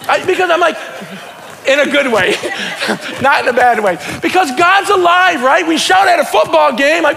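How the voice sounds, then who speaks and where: A middle-aged man preaching a sermon, building from casual talk into excited shouting. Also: extremely high pitch, quick pace, gravelly. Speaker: pastor. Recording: long church reverb.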